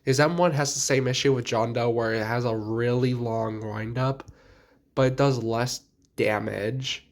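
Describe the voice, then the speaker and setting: A man's voice: medium pitch, fairly even intonation, a little slow. A young man with a sick voice giving blunt, offhand commentary on game characters in a casual video. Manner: blunt, offhand, mildly crude. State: sick, stuffy voice. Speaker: gaming video creator.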